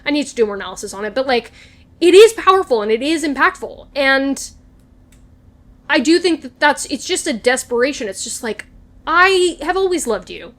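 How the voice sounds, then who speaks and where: A young woman with a high, bright voice talks through a TV episode in a casual vlog. She gushes and gets animated, with frequent laughs and casual swearing. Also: a little fast. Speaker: recap vlogger. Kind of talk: casual chat, excited TV recap.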